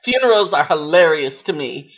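A woman with a lowish, husky voice speaks slowly. Her pitch moves a lot as she teases and reacts. It is a relaxed co-host chat. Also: dull audio. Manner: reacts with quick teasing remarks. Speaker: podcast co-host. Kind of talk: casual chat.

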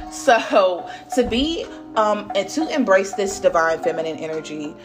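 A young woman talks straight to her listeners in a loose, unscripted card reading. She is blunt and chatty, drops curse words freely and laughs easily, with faint music playing under her voice. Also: medium pitch. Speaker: tarot reader. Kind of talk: casual spiritual reading.

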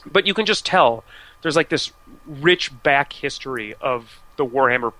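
A man's voice: medium pitch, lively intonation, normal speed, sharp tone, low-quality recording. An American man talking casually about video games as a podcast co-host, chatty and full of restarts and fillers. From United States. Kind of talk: casual video game discussion.

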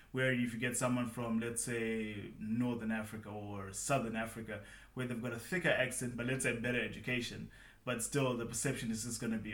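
A man from Zimbabwe co-hosting a casual podcast, energetic and upbeat, laughing often. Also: medium pitch, echoey room. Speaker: podcast co-host.

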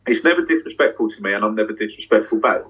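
Husky swaggering magician, slightly off-mic. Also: male voice, lowish voice, racing, recorded from a distance, poor audio. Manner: swaggering, swears freely, talks in long excited runs. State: getting emotional. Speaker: magician and tour guest. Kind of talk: candid casual interview. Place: backstage dressing room.

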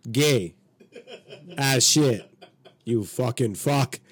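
A man's voice: medium pitch, extremely slow. A man chatting as a podcast guest, ribbing the host with teasing, emphatic remarks. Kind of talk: casual chat.

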